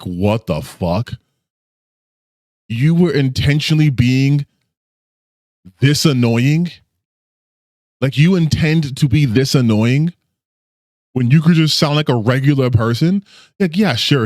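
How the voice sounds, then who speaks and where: A man's voice: medium pitch, no room sound, studio quality. A man hosting a reaction video, ranting casually with profanity and disbelief. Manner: animated, profane, incredulous ranting. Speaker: reaction channel host.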